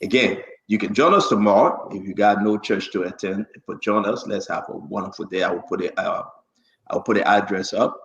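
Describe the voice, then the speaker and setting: A man's voice: lowish voice, brisk, a bit bright, roomy sound, highs cut off. A man hosting a live talk show and greeting viewers by name, stumbling over hard names as he reads them out. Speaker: show host and preacher. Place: New Jersey area.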